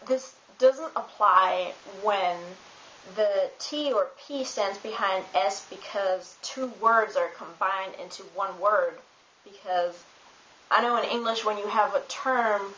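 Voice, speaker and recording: A woman who speaks German natively, giving a casual spoken pronunciation lesson, relaxed and hesitant with many ums and uhs. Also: medium pitch. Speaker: German tutor. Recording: roomy, dull home recording with hiss.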